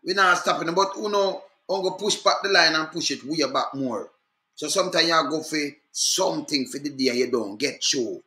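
A Jamaican man vlogging in the moment speaks at normal speed in a bright, forceful voice on the high side, with a reverberant sound. His casual commentary is insistent and repetitive, and he keeps calling to the viewer to make sure they follow.

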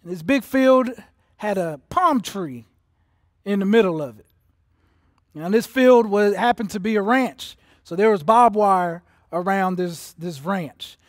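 A man preaching a livestreamed sermon as pastor, emotional and building from soft to intense. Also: high voice, expressive, unhurried, no echo, clean studio sound. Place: church auditorium.

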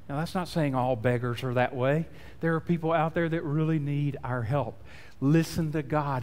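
Slow, reverberant male preacher. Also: on the high side. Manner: storytelling preacher, acts out quotes. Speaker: pastor. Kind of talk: sermon. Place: church sanctuary.

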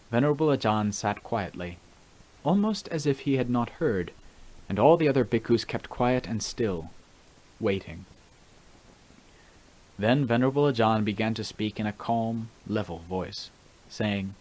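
Measured reverent male audiobook narrator. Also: lowish voice, expressive, a little mellow, poor audio. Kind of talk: scripted narration.

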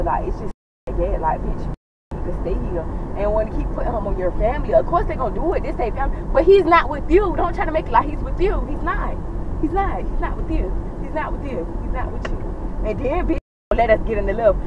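A woman riding in the back of a car, venting on a phone call to a friend, profane and exasperated. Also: mid-range voice. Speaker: rideshare passenger on a phone call. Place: back seat of a moving car. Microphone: dashboard camera from across the car. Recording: distant, muffled in-car recording with road noise.

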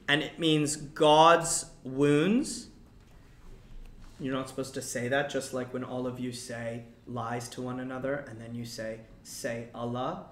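A man's voice: mid-range voice, reverberant, a little hiss or hum. A man teaching a class about a play, explaining lines and acting out quotes with energy. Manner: animated, acts out quoted lines.

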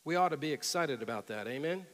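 A middle-aged male pastor preaching a sermon, telling stories and rising to loud, emphatic peaks. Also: a little high, lively intonation, quick pace. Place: church sanctuary with long reverb. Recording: reverberant church hall.

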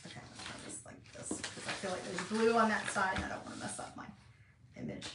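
With a mid-range voice, huge pitch swings, and a quick pace, a woman in her fifties chats and rambles to viewers during a casual craft tutorial at home. The mic is set well back, so the room echoes, and there's heavy background noise.

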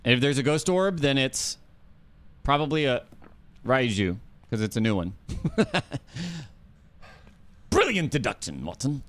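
A man's voice: mid-range voice, big pitch swings, a little slow, long pauses, fairly bright tone. A man streaming a ghost-hunting game, chatting casually and calling out to the ghost and his teammate. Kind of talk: casual gameplay chat.

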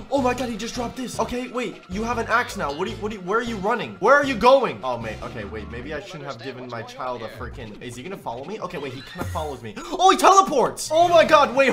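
A young man narrating his video game play with wild excitement, his voice sitting high and bouncing all over the place. The tone is bright and sharp, and faint music plays underneath. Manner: excitable, jumpy, often gasps and shouts in surprise. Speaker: gaming YouTuber. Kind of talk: excitable gameplay commentary.

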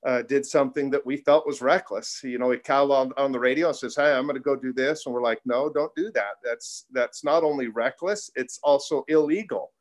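A man's voice: medium pitch, a little fast, hardly any pauses. A middle-aged man on a panel, earnestly telling a story and acting out the voices of the people he quotes. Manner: earnest, anecdotal, quotes others in lively voices. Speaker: panel speaker, pilot group co-founder.

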